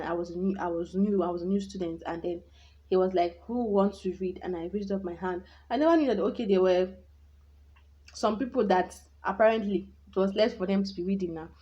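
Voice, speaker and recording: A young woman shares her teenage memories to camera in a candid, rambling way, often restarting her sentences. Her voice is soft and mellow at a middle pitch, and the recording sounds dull and lo-fi. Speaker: vlogger. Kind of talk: personal storytelling vlog.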